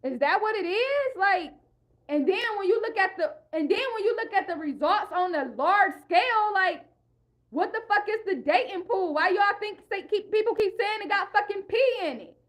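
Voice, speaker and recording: A woman's voice: extremely high pitch, lively intonation, normal speed. A young woman vlogger in a heated, profane rant, repeating herself and speaking in an African American English style. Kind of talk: ranting monologue.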